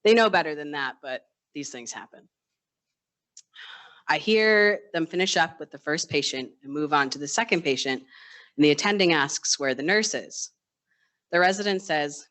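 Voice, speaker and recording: On a live storytelling stage, an ICU nurse shares a personal story in a bright, crisp, expressive voice of medium pitch at a normal pace. The telling is casual and conversational with wry, self-deprecating humor, and she sometimes acts out the voices of coworkers and patients.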